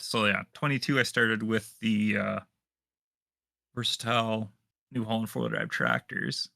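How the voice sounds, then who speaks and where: Gravelly-voiced man from central Canada. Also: lowish voice, no echo, studio quality. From Manitoba, Canada. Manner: relaxed, hesitant with fillers. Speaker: guest modder. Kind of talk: casual interview answers.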